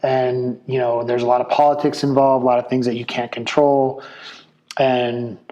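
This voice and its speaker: A retired police officer speaking in a casual interview, blunt and animated, full of "like" and "man". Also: medium pitch, moderate pace, dull audio.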